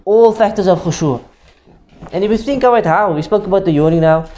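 A man's voice: high voice, a little fast, warm tone. A man teaching a religious class in an explanatory tone, who repeats each point and keeps checking that students understand, with Arabic phrases mixed in.

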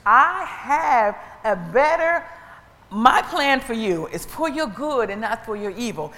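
Woman, preacher, high voice, sermon, shouted repeated refrains, church, long hall reverb. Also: expressive. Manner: builds from quiet storytelling to shouted, drawn-out calls and repetition.

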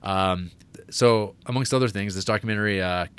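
Podcast co-host, male, slightly low voice, loose rambling delivery full of restarts. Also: normal speed, smooth. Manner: rambling, laughing, many fillers and restarts. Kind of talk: casual movie chat.

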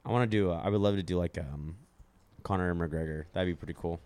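Low-voiced joking podcast host. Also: male voice, quick pace, darkish tone, no echo. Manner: rambling, filler-heavy, jokey. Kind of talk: casual podcast chat.

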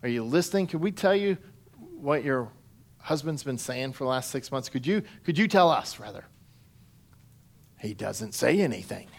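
A pastor preaching a sermon in a conversational way, asking the congregation direct questions. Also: male voice, mid-range voice, sing-song, moderate pace, vocal fry, pauses often.

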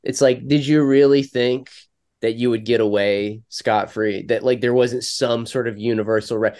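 A man's voice: mid-range voice, fairly even intonation, normal speed, darkish tone. A man co-hosting a podcast, rambling and profane, acting out silly scenes in casual comedic banter. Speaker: podcast co-host. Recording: lo-fi home audio.

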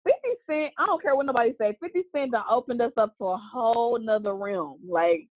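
A woman co-hosting a podcast in casual, animated chat, gushing and swearing freely. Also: a little high, a little fast, dry recording. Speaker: podcast co-host. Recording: tinny phone-like line.

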